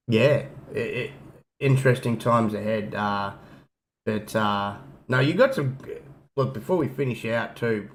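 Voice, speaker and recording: Low-voiced man in rambling podcast chat. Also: slight background noise, low-quality recording. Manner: rambling, frequent fillers and restarts. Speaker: podcast co-host. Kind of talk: casual wrestling chat.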